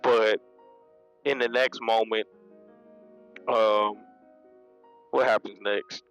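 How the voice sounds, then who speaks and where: A man's voice: fairly low pitch, fairly even intonation, extremely slow, fairly bright tone, clean tone, faint music behind, rough recording. A man giving a casual spoken manga review, retelling scenes in a loose, slangy way and laughing often.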